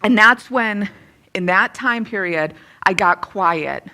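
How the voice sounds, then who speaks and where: A woman in her thirties sharing a candid personal testimony and teaching from the Bible, lively and self-deprecating. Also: medium pitch, slow. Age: 30s. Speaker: speaker giving a testimony.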